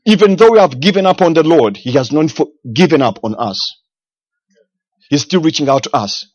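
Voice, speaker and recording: A man's voice: on the high side, lively intonation, moderate pace, a little mellow, no echo, highs cut off. A man preaching a sermon with fervent emphasis and repeated phrases.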